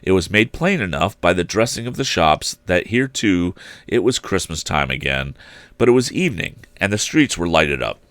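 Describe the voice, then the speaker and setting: Deep-voiced man narrating a story. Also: lively intonation, moderate pace, fairly bright tone, dry recording. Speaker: storyteller host. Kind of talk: reading a classic novel aloud on a livestream. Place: home streaming setup.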